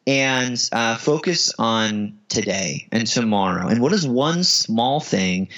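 A man's voice: medium pitch, expressive, takes it slowly, fairly bright tone. A male podcast guest telling a reflective story in casual conversation. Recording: dull lo-fi audio.

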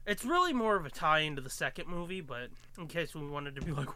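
High, lively-voiced man joking through a movie commentary. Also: quick pace. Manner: excitable, swearing, bursts into silly exaggerated voices. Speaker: podcast co-host.

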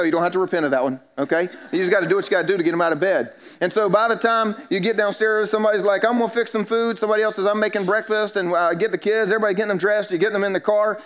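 A man, a pastor preaching a sermon in a church and telling stories with self-mocking humor. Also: high-pitched. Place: church sanctuary.

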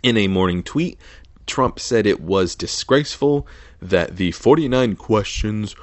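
A man's voice: fairly low pitch, lively intonation, measured pace. A man hosting a casual solo podcast, reading headlines aloud and reacting with sarcastic, profane asides and mumbled comments. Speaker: podcast host.

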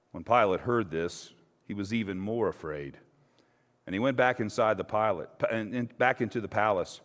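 A man's voice: lowish voice, moderate pace. A male pastor giving a conversational sermon and reading scripture. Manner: conversational, hesitant with fillers. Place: church sanctuary. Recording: long church reverb.

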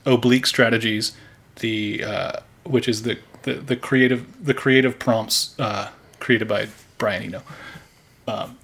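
A male podcast co-host talking in a laid-back, rambling way with lots of halting restarts. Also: medium pitch, fairly even intonation, vocal fry, a bit bright, slightly rough. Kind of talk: casual comedic chat.

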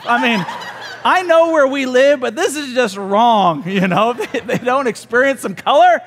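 A man preaching a sermon as pastor, telling funny stories in an animated, joking way. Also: very high voice, measured pace, in a large hall, a little hiss or hum. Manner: joking, animated storytelling with laughs.

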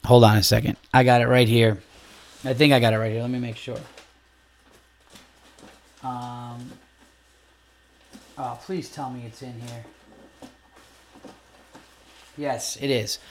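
A man's voice: mid-range voice, unhurried, long pauses, slight background noise. Male podcast host, casual storyteller with a mid-range voice, loose and profane. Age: adult, began comedy around 2003. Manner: animated, swearing, breaks into loud laughter.

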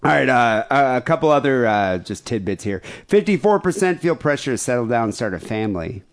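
A male podcast host reads survey numbers aloud between raunchy jokes. His pitch swings widely, giving his delivery plenty of bounce, though his voice sits in a middle register. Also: animated, brisk. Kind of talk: casual crude podcast banter.

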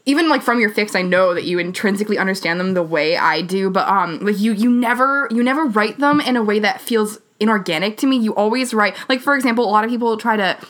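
A young woman hosting a casual chat, who gushes with excitable fan enthusiasm. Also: medium pitch, quick pace, few pauses.

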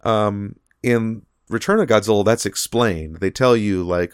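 A man with a fairly low voice co-hosts a casual podcast. He rambles through his points with frequent fillers and restarts. The sound is dry and close. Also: moderate pace, clear, resonant tone, dry recording. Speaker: podcast co-host.

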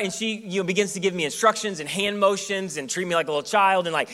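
A man's voice: high voice, lively intonation, fast, few pauses, bright, forceful tone. A man in his thirties, a pastor preaching a sermon in church in a casual, joking storytelling way.

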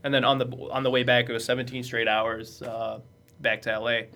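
A young American man talks fast and loose, spinning stories with plenty of laughter. His pitch sits in an ordinary middle range. He speaks as a guest on a casual chat show. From United States. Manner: storytelling, laughs often, animated.

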